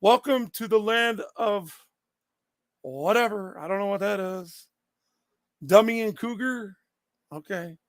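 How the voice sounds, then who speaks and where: A man's voice: high-pitched, takes it slowly, long pauses, no echo. A man livestreaming and talking straight back to his chat, blunt and confrontational, swearing freely.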